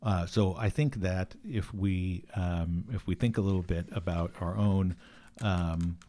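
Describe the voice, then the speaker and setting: A man's voice: deep voice, measured pace, mellow. A man speaking as a podcast guest, thoughtful and hesitant, with many fillers and restarts. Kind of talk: conversational interview.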